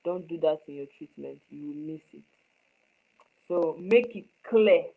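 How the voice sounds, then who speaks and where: Woman, screenwriting teacher, emphatic, repeats herself, checks understanding, lowish voice. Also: measured pace, narrow, tinny audio. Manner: emphatic, repeats points, asks students if they understand. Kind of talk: live online class.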